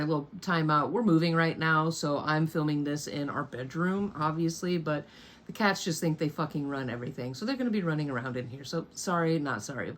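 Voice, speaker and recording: A woman in her thirties telling a personal story in a candid storytime vlog from her bedroom, blunt and swearing freely with wry asides. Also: low-pitched. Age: 30s. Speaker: storyteller vlogger. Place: bedroom at home.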